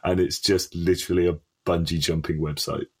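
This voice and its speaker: A man co-hosting a casual gaming chat, trading mocking insults and quick to laugh. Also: low-pitched, little pitch movement, husky. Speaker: co-host.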